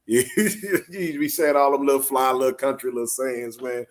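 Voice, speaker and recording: A man's voice: mid-range voice, fairly even intonation, fairly quick. A man with a Southern US accent hosting a casual late-night talk show, laughing and telling stories full of folksy sayings. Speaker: host.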